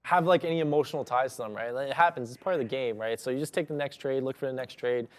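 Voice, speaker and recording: A man's voice: medium pitch, fast. A young man trading live and talking through his moves in a casual, rambling way, full of fillers. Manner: rambling, many fillers, thinks aloud while trading. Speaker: day trader streaming live.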